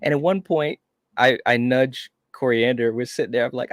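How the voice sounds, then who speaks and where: A man's voice: medium pitch, brisk, no echo, studio quality. A man co-hosting a casual chat, telling stories with enthusiasm and lots of "you know". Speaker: podcast co-host.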